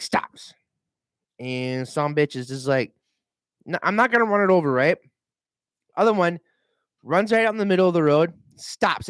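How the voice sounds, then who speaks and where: A man's voice: on the high side, smooth, no room sound. Rambling man, dry close sound. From Minnesota. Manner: animated storytelling, mimics voices, swears freely. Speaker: realtor vlogger. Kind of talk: rambling casual vlog.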